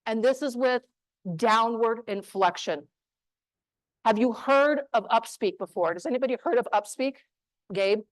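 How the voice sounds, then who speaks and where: A woman from New Mexico giving a motivational talk on voice skills to a live audience, emphatic and punchy with deliberate pauses. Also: fairly high pitch, no room sound, low-quality recording. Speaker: speaker on voice skills. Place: room with an audience.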